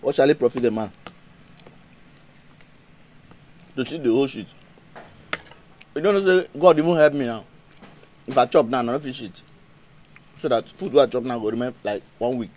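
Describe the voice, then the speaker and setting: A man's voice: mid-range voice, fairly quick, pauses often, a little mellow, close to an everyday voice. An actor with a Nigerian accent playing a stingy, exasperated father in a comedy film, scolding and mocking in turn. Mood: stubborn.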